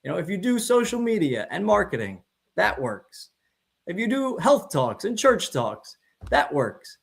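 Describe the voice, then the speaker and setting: A man's voice: sits high, sing-song, measured pace, gravelly, slightly rough. A man, a chiropractor, giving a motivational talk to fellow chiropractors and stressing his points by repeating phrases.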